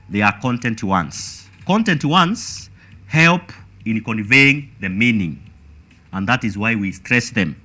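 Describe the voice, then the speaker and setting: A man's voice: mid-range voice, pushed and bright. A man with a Kenyan accent teaching an exam revision lesson, emphatic and repeating words as he thinks.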